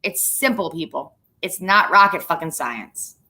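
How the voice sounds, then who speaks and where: A woman's voice: on the low side, animated, a little slow, bright, forceful tone. A young woman hosting a casual chat, telling stories bluntly with plenty of swearing. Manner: profane, blunt storytelling. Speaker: podcast host.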